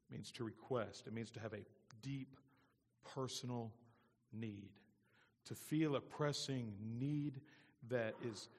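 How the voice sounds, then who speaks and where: A man preaching a sermon as pastor, moving between loud emphatic lines and soft, low-spoken asides. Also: breathy edge, long reverb tail.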